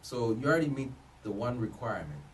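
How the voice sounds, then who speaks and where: A man's voice: medium pitch, very animated, fast. A man in his thirties giving casual advice to the camera, loose and joking, often restarting his sentences. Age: 30s. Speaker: vlogger giving job advice. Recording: voice a bit distant from the mic, faint room noise.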